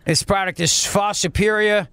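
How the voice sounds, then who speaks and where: A radio host mocking a smug, boastful middle-aged male governor, in a slow, self-satisfied voice. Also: high voice, fairly even intonation, fairly bright tone, clean tone, no echo.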